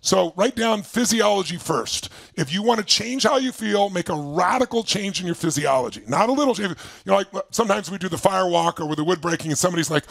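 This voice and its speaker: A man leading an online seminar as a motivational speaker, energetic and emphatic, firing questions at his audience. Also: high-pitched, fast talker, few pauses, dry recording. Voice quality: gravelly, husky. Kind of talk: live online seminar coaching. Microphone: speaking to camera for remote viewers.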